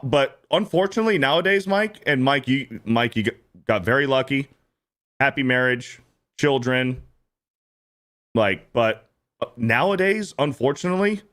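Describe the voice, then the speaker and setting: A man in his thirties holds forth on his stream, ranting about the clips he watches with lots of swearing and repetition. His pitch swings widely from low grumbles to high outbursts. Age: 30s. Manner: animated, repetitive, profane ranting. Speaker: streamer host reacting to clips. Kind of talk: casual reaction commentary.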